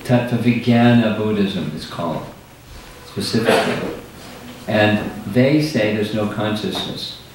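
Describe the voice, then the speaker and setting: An older man with a fairly low voice gives a thoughtful talk to an audience. He explains carefully and stops to clarify what he is asked. He is heard from a distance in a very echoey hall, with faint noise underneath. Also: takes it slowly. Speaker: spiritual teacher answering questions. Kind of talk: lecture with audience Q&A.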